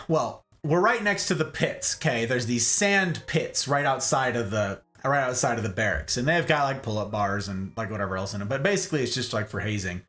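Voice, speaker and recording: A man's voice: medium pitch, normal speed. A man hosting a stream, telling a story casually and animatedly, often tagging lines with "okay?". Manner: animated, rambling, keeps asking "okay?". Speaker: streamer host.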